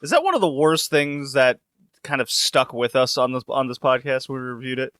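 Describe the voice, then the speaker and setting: Male podcast host, casual chat, bright voice, dry close sound, laughs a lot. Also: mid-range voice, lively intonation, a little fast, clear, resonant tone, no echo. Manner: laid-back, laughs often, swears casually.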